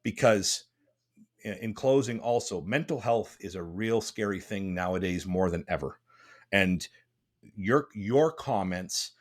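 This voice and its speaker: Man, podcast host, blunt, rambling, passionate, studio mic. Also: on the low side. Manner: blunt, impassioned, rambling with restarts. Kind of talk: casual podcast chat.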